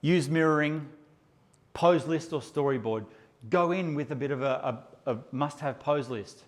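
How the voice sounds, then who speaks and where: A man's voice: fairly high pitch, moderate pace. A man teaching a live workshop session, brash and joking and swearing freely as he addresses the audience. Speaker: photography workshop presenter.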